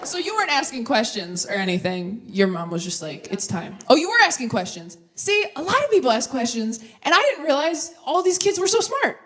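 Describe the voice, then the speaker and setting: A young woman performing stand-up comedy on stage, animated and self-mocking, with quick asides and crowd work. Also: sits high. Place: live theater stage with audience. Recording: live show, audience laughter and room noise.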